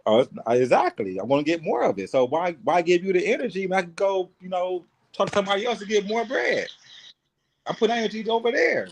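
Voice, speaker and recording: A man co-hosting a casual talk show, calm and laid-back, speaking plainly. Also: high voice, a little fast, slight background noise. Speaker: podcast co-host. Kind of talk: casual chat.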